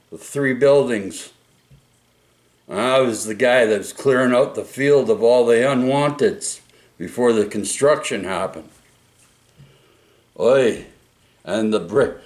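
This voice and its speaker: A middle-aged man talks at an unhurried, drawn-out pace. He rambles through his stories, breaking off and tossing in little interjections. He sits back from the microphone, and the room gives his voice an echoey sound. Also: medium pitch, far from the mic. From Vancouver, Canada. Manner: rambling, frequent restarts and interjections like "oi" and "right?". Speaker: vlogger. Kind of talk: rambling casual storytelling. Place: indoors at home. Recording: roomy echo, speaker away from mic.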